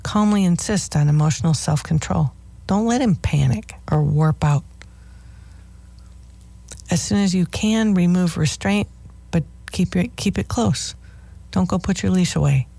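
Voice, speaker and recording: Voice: mid-range voice, unhurried, creaky, pauses often, warm tone, no echo. A radio host of a dog-training show, giving firm, instructive advice as a list of do's and don'ts.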